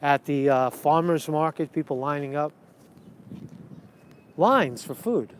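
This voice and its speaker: A man with a fairly high voice walks and talks outdoors, circling back over his own words. The sound comes from a handheld camera on the street, with faint city noise underneath. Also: takes it slowly. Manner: rambling, repeats himself, talks while walking. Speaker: vlogger. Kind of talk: walk-and-talk street vlog. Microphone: handheld camera while walking.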